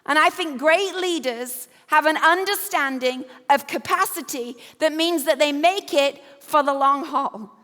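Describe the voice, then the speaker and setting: English woman, 50s, keynote speaker, crisp bright voice, humorous storyteller, reverberant venue. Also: sits high, unhurried, few pauses. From Yorkshire, England. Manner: storytelling, self-deprecating humor. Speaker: conference speaker. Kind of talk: motivational keynote talk. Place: event stage. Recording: echoey hall.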